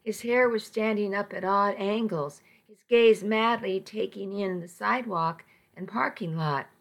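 A woman narrating a novel in the first person, measured and intimate. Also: mid-range voice, gravelly. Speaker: audiobook narrator.

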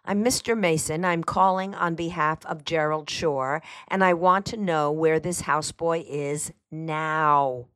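A woman's voice: low voice, steady tone, unhurried, few pauses, a bit bright. A woman reading aloud, voicing a confident male lawyer who speaks firmly and presses for answers. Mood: insistent. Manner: firm, insistent.

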